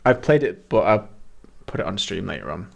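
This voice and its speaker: A British man live-streaming a video game, talking to his chat in a loose, chatty way and laughing often. His voice is middling in pitch but swings up and down a lot. He jumps from greeting viewers to commenting on his own play. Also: sing-song, a little fast, creaky, a little mellow. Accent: British English. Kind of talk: casual live-stream chat while playing.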